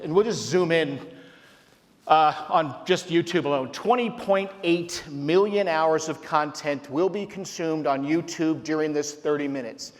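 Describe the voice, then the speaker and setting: Earnest man in his fifties on stage. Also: on the high side. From Utah, United States. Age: 50s. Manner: earnest and personal, with self-deprecating jokes. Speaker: CEO giving a keynote. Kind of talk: conference keynote speech. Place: large conference hall stage. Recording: reverberant conference hall sound.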